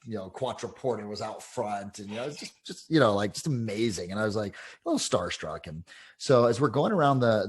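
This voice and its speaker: A man with a low, husky voice tells stories from his coaching career in a loose, animated way. He leans on fillers like "you know" and "like", and he acts out the other people in his stories. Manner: casual, animated anecdotes with many fillers. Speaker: real estate coach. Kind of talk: interview storytelling.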